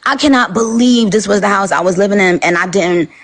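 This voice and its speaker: A woman from New talks through a casual interview. Her voice has a gravelly fry to it and sits at a middling pitch. She rambles and circles back, animated and full of fillers. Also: brisk, rough recording. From Queens, New York. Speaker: interview guest.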